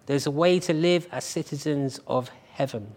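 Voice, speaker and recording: A man's voice: on the high side, normal speed, a little mellow. A man preaching a sermon as pastor at a church service, earnest and emphatic, driving his points home with repeated phrases.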